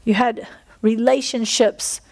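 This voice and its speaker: Fervent high-voiced woman preacher. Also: steady tone, slow pace, darkish tone. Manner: fervent, repetitive, breathy exhalations between phrases. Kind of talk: sermon with prayer. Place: church service with congregation.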